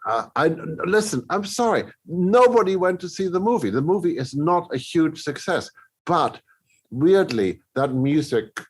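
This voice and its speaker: A man's voice: on the high side, measured pace, husky. A middle-aged man, a composer, telling stories in a podcast interview, restarting his sentences and acting out other people's reactions. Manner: animated storyteller, many restarts, acts out others' reactions. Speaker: film composer, guest.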